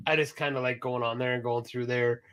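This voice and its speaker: A man co-hosting a casual podcast, talking in an animated way and swearing freely. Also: medium pitch, a little fast, clean tone. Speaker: podcast co-host.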